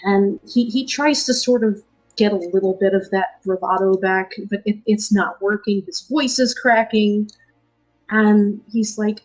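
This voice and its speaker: A woman player narrating her character's actions in a tabletop game, in a hesitant, halting way. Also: mid-range voice, steady tone, darkish tone, soft background music, poor audio.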